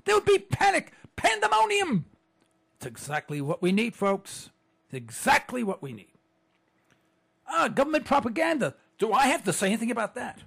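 A man's voice: extremely high pitch, huge pitch swings, normal speed, vocal fry, fairly bright tone, husky. A man hosting a political talk show, ranting fervently and repeating phrases for emphasis. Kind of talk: impassioned political monologue. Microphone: computer setup.

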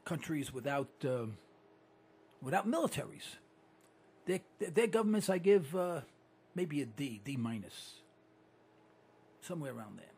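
A male radio talk show host, delivering an animated, ranting, opinionated monologue into a studio microphone. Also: fairly high pitch, measured pace, creaky, pauses often, a little hiss or hum. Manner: animated and ranting, with repeated catchphrases.

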